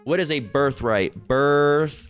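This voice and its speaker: A man's voice: on the high side, fairly bright tone, smooth, faint music behind. Rambling, profane man teaching scripture. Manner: rambling, repetitive, profane, keeps asking "all right?"; reads scripture aloud slowly. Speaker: Bible teacher. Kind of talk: informal online Bible teaching.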